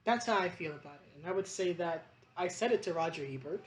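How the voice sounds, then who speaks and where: A woman's voice: fairly low pitch, expressive, fast talker. A woman vlogger talking in a rambling, passionate monologue, emphatic and choked up, with restarts and fillers.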